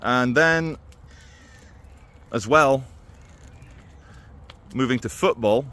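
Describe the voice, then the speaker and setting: A man talking through his opinions in a casual, animated monologue to camera. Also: mid-range voice, drawn-out words. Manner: conversational and animated, with quoted impressions. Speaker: video commentator.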